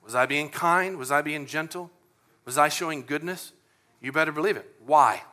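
Middle-aged guy pastor preaching, kinda high bright voice, chatty and animated. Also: moderate pace. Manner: animated and conversational, acts out prayers and dialogue. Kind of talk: sermon.

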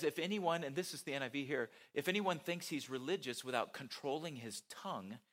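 A pastor giving a conversational sermon at a church, with self-deprecating asides and rhetorical questions to the congregation. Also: male voice, medium pitch, fairly bright tone.

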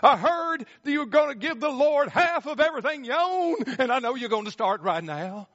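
A man voicing an eager, pushy preacher in white shoes, shouting in a much higher voice. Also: expressive, fairly quick, no room sound. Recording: muffled lo-fi recording.

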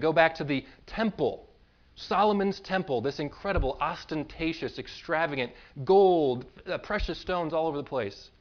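This sermon comes from a male pastor whose voice is on the high side, captured in lo-fi sound. He's emphatic, piling words into lists that build to a point, and pokes fun at himself.

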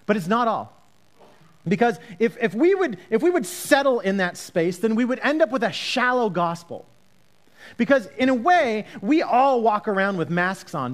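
A man preaching a sermon as a pastor, earnest and animated, often repeating words as he starts a sentence. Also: extremely high pitch.

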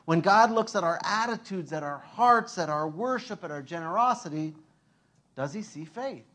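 Pastor, male, lively and chatty, slightly high-pitched, lots of filler words. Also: normal speed. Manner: animated, conversational, with many fillers. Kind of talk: sermon.

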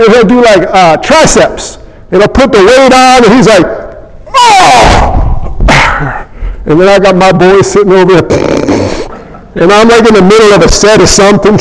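A middle-aged man giving a humorous sermon, telling animated stories and acting out the people in them. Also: high voice, long reverb tail, rough recording. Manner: animated storytelling, acts out characters. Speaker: preacher.

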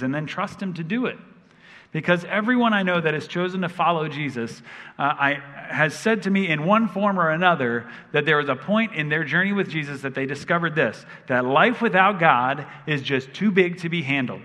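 Delivering a sermon in a large church hall full of long reverb, a pastor in his thirties tells stories with humor. His voice is a little high, animated, and sharp in tone, and he speaks at normal speed.

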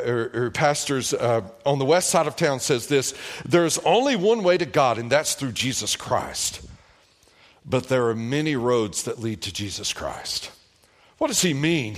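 Male pastor, sermon, unhurried, emphatic delivery with a lightly raised pitch. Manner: emphatic preacher, pitch swinging with the point.

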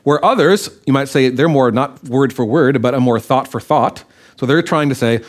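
A male preacher giving a sermon-style Bible teaching. His voice sits at an ordinary middle pitch. He keeps it conversational and often turns to ask his listeners questions. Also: normal speed.

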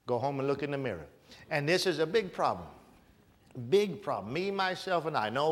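Fervent male preacher in a reverberant church. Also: a little high. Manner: preaching with rising fervor, rhetorical questions. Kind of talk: sermon.

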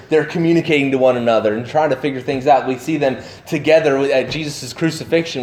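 A man giving a sermon, animated and full of questions to his listeners, acting out the voices of the people in his story. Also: mid-range voice, roomy sound. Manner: animated, acts out voices of the disciples; asks the listeners many questions. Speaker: pastor.

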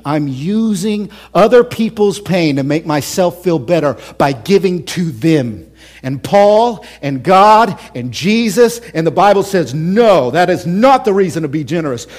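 A man preaching a sermon as pastor, impassioned, swinging between loud, emphatic lines and hushed whispers. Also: high-pitched. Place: church.

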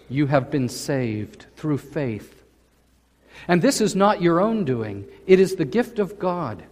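A pastor with a slightly higher male voice delivers a slow, emphatic sermon, stretching out his phrases and pressing on the important ones. The sound rings through the church sanctuary, trailing a long reverb.

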